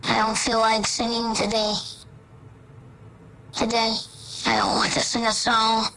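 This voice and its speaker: A woman voicing a baby lion cub who sends a slow, repetitive, earnest message as if over a radio. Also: fairly high pitch, monotone, sharp tone, slight background noise, poor audio.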